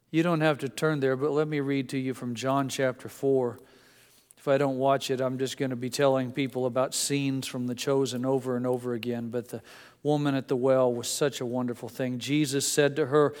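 A man's voice: mid-range voice, little pitch movement, normal speed, clear, resonant tone. Older man preaching in an echoey hall. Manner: earnest, conversational, with small restarts. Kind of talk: sermon.

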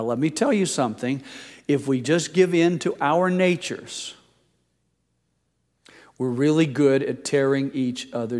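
A man's voice: mid-range voice, darkish tone. Older man, pastor, sermon, conversational storyteller, self-deprecating, long hall echo.

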